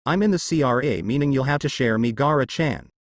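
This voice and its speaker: A man's voice: mid-range voice, animated, a little fast, dry recording, close to an everyday voice. A man voicing a cold, taunting young ninja. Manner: taunting and mocking.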